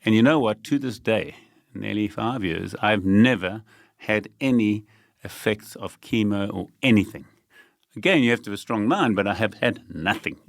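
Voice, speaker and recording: A man's voice: on the low side, normal speed, gravelly, no room sound, studio quality. A South African man, a guest telling his story in a determined, emphatic way, laughing lightly now and then. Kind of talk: conversational storytelling.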